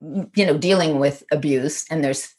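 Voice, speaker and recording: A woman's voice: low voice, a little slow, darkish tone. A woman sharing a personal story in an earnest, reflective way, retelling conversations word for word.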